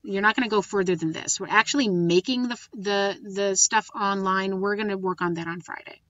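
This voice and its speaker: A woman teacher thinks out loud as she plans a lesson, pausing on ums and restarting her sentences. Her voice has a bright, forceful edge and sits close and dry on the mic, with slightly dull lo-fi sound. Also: mid-range voice, steady tone, dry recording. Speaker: Spanish teacher. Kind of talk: recorded classroom lesson walkthrough.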